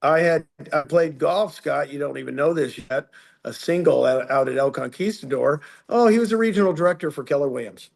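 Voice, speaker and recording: A man on a video call whose voice is gravelly and rather high. He talks in a loose, rambling way and often restarts his sentences. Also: a little fast. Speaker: guest speaker on a training webinar. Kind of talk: casual webinar talk.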